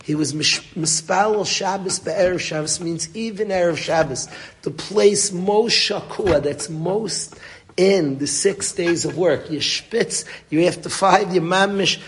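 A man's voice: sits high, measured pace, slight background noise. A man giving a Torah lecture to a group, speaking earnestly and mixing Hebrew and Yiddish words into his English. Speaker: rabbi teaching a Torah class.

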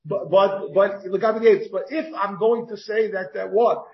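A man's voice: high voice, fairly even intonation, normal speed. A rabbi teaching a Talmud class, thinking aloud and posing rhetorical questions as he works through the text. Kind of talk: Talmud lecture. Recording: dull lo-fi recording.

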